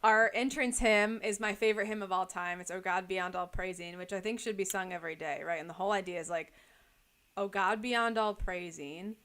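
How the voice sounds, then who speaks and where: A woman's voice: mid-range voice, smooth. A young woman co-hosting a podcast, chatting casually and telling stories with lots of "like" fillers. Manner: chatty, many "like" fillers, lively storytelling. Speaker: podcast co-host. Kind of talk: casual chat.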